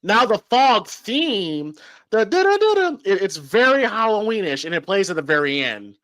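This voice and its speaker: A man co-hosting a casual horror movie watch-along podcast, rambling and excitable, with lots of fillers and swearing. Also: sits high, moderate pace, no room sound, low-quality recording. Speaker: podcast co-host.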